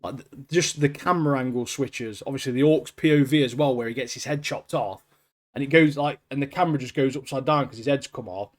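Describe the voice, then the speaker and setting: A man co-hosting a podcast in casual chat, excitable and dropping "mate" into nearly every sentence. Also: mid-range voice, a little fast. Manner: excitable, says "mate" constantly, trails off quietly at phrase ends. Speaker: podcast co-host.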